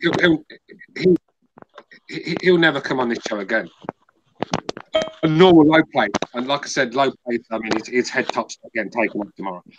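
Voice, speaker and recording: A man's voice: mid-range voice, moderate pace, long pauses, lo-fi sound, background noise. A man from southern England with a southern English accent, hosting a podcast in casual chat, rambling with repeated words and swearing. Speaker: podcast host.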